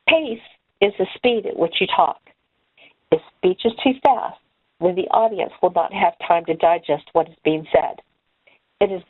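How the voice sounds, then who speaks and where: A woman with a fairly low voice teaches in a calm, measured way, leaving pauses between points. The sound is narrow and phone-like. It is dry, with no room echo. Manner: measured, deliberate delivery with pauses. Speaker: trainer. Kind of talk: instructional talk on speaking skills. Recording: tinny phone-like audio.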